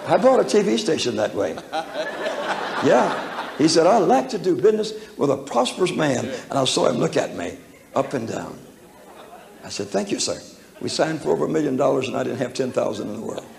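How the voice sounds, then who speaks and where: A man's voice: medium pitch, very animated, fairly quick, gravelly, pauses often. A man preaching a storytelling sermon, folksy and humorous, chuckling as he talks, recorded in an echoey church hall. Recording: echoey hall with faint room noise.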